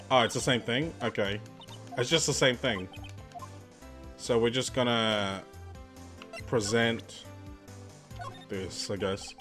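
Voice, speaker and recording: A man's voice: medium pitch, steady tone, slow, pauses often, fairly bright tone, faint music behind. A man streaming a game, commenting in a self-deprecating, laughing way. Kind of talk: let's play commentary.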